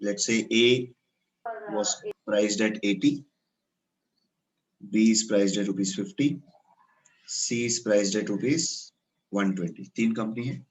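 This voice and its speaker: A man's voice: lowish voice, unhurried, pauses often, poor audio. Indian lecturer quizzing his class. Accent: Indian English. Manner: questions students, then explains step by step, switching into Hindi.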